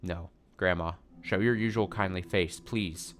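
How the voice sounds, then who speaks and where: Deep-voiced man reading a visual novel. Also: fairly even intonation, unhurried. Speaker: let's play narrator.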